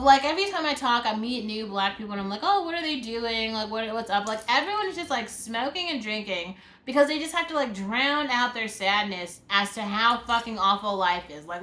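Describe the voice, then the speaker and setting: A woman's voice: fairly high pitch, expressive, fairly quick, fairly bright tone. A woman delivering a frustrated, profane vlog rant, full of "like" fillers. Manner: exasperated, profane, many "like" fillers. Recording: roomy echo.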